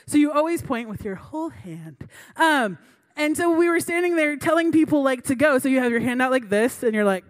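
A woman's voice: sits high, expressive, brisk. A woman in her late twenties, a youth pastor, giving a sermon in a chatty storytelling way with many fillers.

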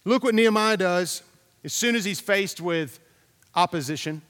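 A man's voice: sits high, moderate pace, fairly bright tone, long reverb tail. A man preaching a sermon as a pastor, talking in a conversational, storytelling way, repeating himself and putting questions to the congregation.

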